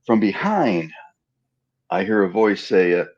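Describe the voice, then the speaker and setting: A man from Pennsylvania telling stories as an interview guest in a casual chat. He acts out the dialogue in his stories with lively voices. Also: lowish voice, a little slow, lo-fi sound. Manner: animated storyteller acting out quoted dialogue.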